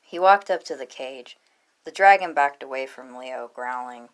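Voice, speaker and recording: A woman reading a fan fiction story aloud in plain, steady narration. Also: rumbling low, normal speed.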